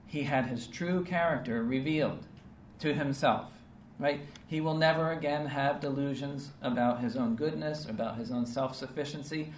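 A man's voice: mid-range voice, steady tone, moderate pace, few pauses, a little hiss or hum. Earnest male preacher in a roomy space. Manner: earnest, emphatic, with frequent rhetorical "right?" and "okay?" tags. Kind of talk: sermon. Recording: roomy, distant mic with faint ambience.

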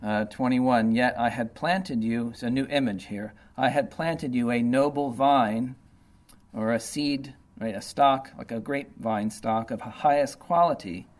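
In an informal Bible study, a medium-pitched man reads passages slowly and then explains them casually. His talk is full of fillers like "uh" and "you know."

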